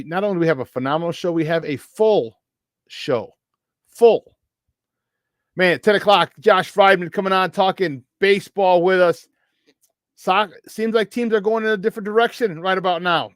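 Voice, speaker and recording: A man hosting a morning sports talk show, hyped and shouting out listeners by name. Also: sits high, no echo, studio quality. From Chicago area. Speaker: sports radio host.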